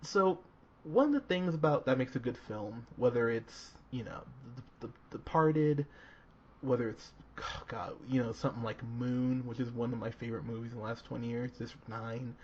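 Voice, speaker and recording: Animated swearing man on a movie podcast. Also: mid-range voice, moderate pace. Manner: animated, swearing, laughing often, many fillers. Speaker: podcast co-host. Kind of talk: casual movie review chat. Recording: dull lo-fi podcast audio with faint noise.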